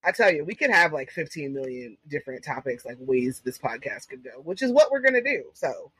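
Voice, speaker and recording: A young woman co-hosting a podcast in casual chat, animated and storytelling. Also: a little fast, slightly rough, dry recording, rough recording. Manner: animated storyteller, jumps high when quoting. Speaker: podcast co-host.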